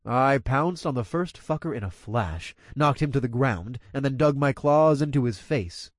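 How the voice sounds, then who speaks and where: Guy narrating an audiobook, super animated up n down delivery, dry close recording. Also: medium pitch, normal speed, no echo. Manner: expressive, energetic storytelling.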